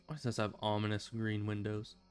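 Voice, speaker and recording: Casual male game streamer, smooth clear voice, faint music underneath. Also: lowish voice, completely flat delivery, brisk. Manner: chatty, rambling, self-amused. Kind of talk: casual gameplay commentary.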